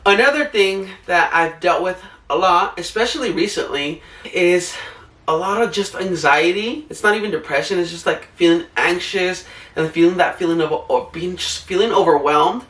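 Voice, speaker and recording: A man's voice: high-pitched, moderate pace, fairly bright tone, reverberant, distant mic. A young man vlogging about coping, talking in an earnest, rambling way with many "like" fillers. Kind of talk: casual heartfelt advice talk.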